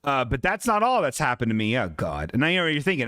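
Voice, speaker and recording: A man in a comedy podcast rambles through a profanity-laced story at his own expense. His pitch leaps high and drops low with lively swings. The sound is dry and close. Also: a little fast, smooth, no room sound. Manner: rambling, profane and self-mocking. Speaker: podcast host.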